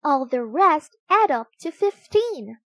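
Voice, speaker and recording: A woman voicing a clever, self-assured young girl in a storybook, confident and a bit louder. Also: high-pitched, big pitch swings, slow, no room sound, heavily acted.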